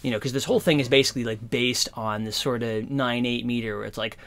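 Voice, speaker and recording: A man giving a casual guitar lesson, explaining in a relaxed, rambling way with lots of fillers. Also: medium pitch, quick pace. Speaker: guitar teacher. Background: guitar playing.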